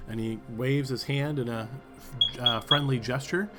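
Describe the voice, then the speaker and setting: A man's voice: mid-range voice, fairly even intonation, loud music behind the voice. Man narrating as game master. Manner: descriptive, halting with fillers.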